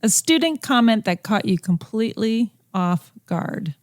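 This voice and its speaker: A woman's voice: on the high side, a little slow, no echo. A woman teacher co-hosting a podcast, telling classroom stories expressively and acting out the quotes. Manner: expressive storyteller, acts out quotes. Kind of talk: casual podcast chat.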